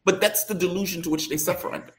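A man's voice: sits high, steady tone, very fast. A man hosting his channel in a casual political chat. He makes blunt, emphatic points and laughs between them. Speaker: channel host.

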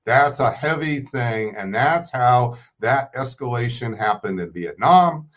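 A man's voice: mid-range voice, animated, measured pace, a bit bright. A man, a political scientist, giving emphatic lecturing analysis in an interview, dropping his voice on grave points. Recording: muffled remote audio.

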